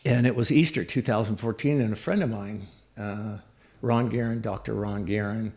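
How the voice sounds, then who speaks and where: A man's voice: fairly low pitch, moderate pace, a little mellow. A middle-aged man, a podcast guest, telling a personal story reflectively, with many fillers and restarts.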